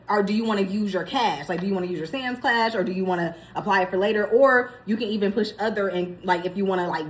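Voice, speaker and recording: A young woman vlogger telling a story in a casual, animated way, laughing as she goes. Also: mid-range voice.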